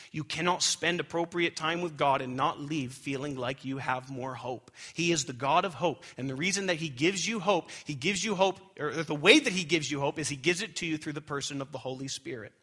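A young adult man preaching a sermon with animated storytelling that swings high when he gets excited. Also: breathy edge. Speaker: pastor.

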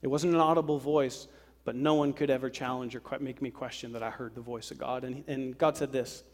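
A man preaching a sermon to a congregation, lively and acting out worried voices. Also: mid-range voice, a little fast. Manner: animated, acts out worried voices. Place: church sanctuary. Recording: long hall reverb.

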